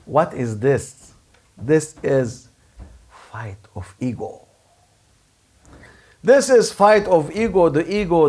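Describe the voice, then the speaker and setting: A man delivers a sermon in plain, broken English. His voice sits high and swings widely as he acts out angry, proud voices, and he takes his time with each phrase. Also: very animated, takes it slowly, pauses often. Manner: non-native English, simple broken grammar. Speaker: Sufi preacher.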